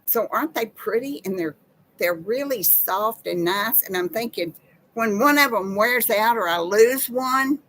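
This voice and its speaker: A woman's voice: on the high side, lively intonation, unhurried, a bit bright, poor audio. A woman, hosting a casual live chat with viewers in a folksy, chatty way. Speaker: live-stream host.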